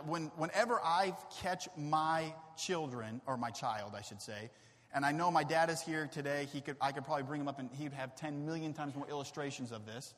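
A man in his thirties preaching a sermon in a church, animated and acting out exasperated voices. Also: on the high side. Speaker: pastor. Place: church sanctuary. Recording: reverberant church hall.

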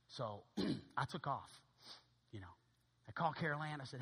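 A man preaching as a pastor, telling a story in an animated way and acting out each voice. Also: medium pitch, moderate pace, pauses often, husky, in a large hall. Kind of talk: sermon storytelling.

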